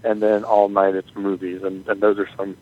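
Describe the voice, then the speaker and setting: Low-voiced Florida man over a tinny phone line. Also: level tone, normal speed. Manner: chatty, listing events with many fillers. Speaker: voicemail caller. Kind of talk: casual voicemail plug.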